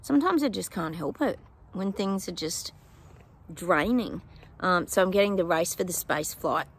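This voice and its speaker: A woman's voice: lowish voice, lively intonation, normal speed, breathy edge. A woman giving psychic predictions to her viewers in a casual, chatty way, with many ums and apologetic asides.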